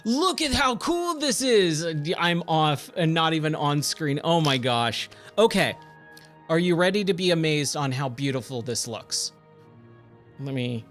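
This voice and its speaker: A man's voice: on the high side, a bit bright. A man chatting casually on a gaming livestream, easily amazed and thanking viewers, with faint game music behind.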